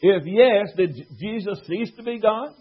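A preacher with a high, husky voice teaches from the Bible at a moderate pace, building an argument and quoting scripture through rhetorical questions. The recording is dull and lo-fi.

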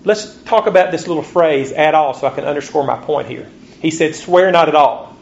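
A man preaching a sermon, reading scripture slowly and lifting his voice on rhetorical questions. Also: on the high side, vocal fry, a little hiss or hum. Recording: dull lo-fi recording with faint ambience.

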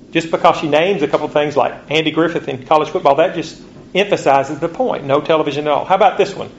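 A man preaching a sermon, reading scripture slowly and lifting his voice on rhetorical questions. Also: on the high side, slight background noise. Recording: dull lo-fi recording with faint ambience.

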